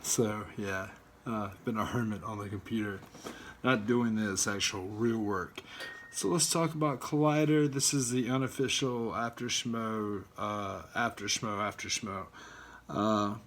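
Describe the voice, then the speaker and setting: A man ranting casually in a video blog from home, rambling and halting, with many fillers and swearing. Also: lowish voice, fairly bright tone, a little hiss or hum. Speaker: fan vlogger. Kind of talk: casual rant.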